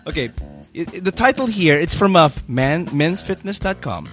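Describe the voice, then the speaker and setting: A podcast host with an animated, wide-ranging voice that sits a little high, giggling often while moving the talk along. Faint music plays in the background. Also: male voice, normal speed. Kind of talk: casual chat.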